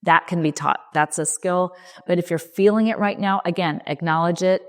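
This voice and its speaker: A middle-aged woman coach hosting a podcast, talking gently and reassuringly in short, unhurried phrases. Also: on the low side. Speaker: leadership coach and podcast host. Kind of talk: reflective solo podcast talk.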